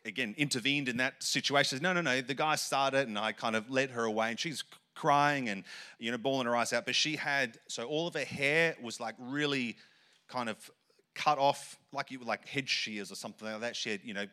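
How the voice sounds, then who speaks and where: A man's voice: medium pitch, brisk, sharp tone, clean tone. An Australian man preaching a sermon, telling stories in a rambling, conversational way with many restarts. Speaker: pastor.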